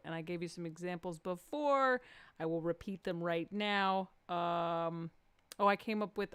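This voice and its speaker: Woman comic hosting a live show, goofy and playful, smooth kinda high voice, super dry sound. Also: unhurried, no room sound. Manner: playful, bursts into high excited quotes. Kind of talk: live comedy stream banter.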